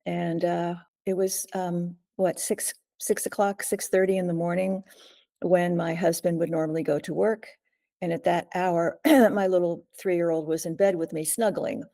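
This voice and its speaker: An older woman, a guest in an interview, recounting a frightening ordeal slowly and steadily, often pausing to clear her throat. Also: on the low side, steady tone, dark tone. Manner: measured, frequent throat clearing. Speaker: guest, author.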